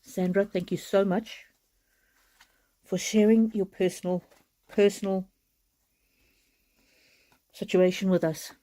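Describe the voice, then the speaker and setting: A woman giving a live oracle card reading, speaking earnestly and reassuringly, with soft laughs now and then. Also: lowish voice.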